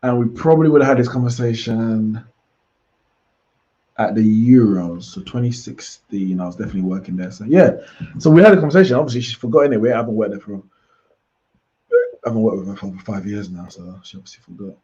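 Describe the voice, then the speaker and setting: A man's voice: fairly low pitch, fairly quick, warm tone, lo-fi sound. A man hosting a live football watchalong, chatting casually and reacting aloud to the play. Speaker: watchalong host. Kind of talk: live match watchalong commentary.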